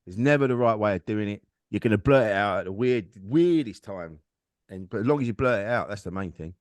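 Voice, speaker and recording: A man's voice: on the low side, expressive, a little fast, no echo. A man, a comedian guest on a podcast, telling a personal story in a frank, rambling, self-deprecating way. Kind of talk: candid conversational storytelling.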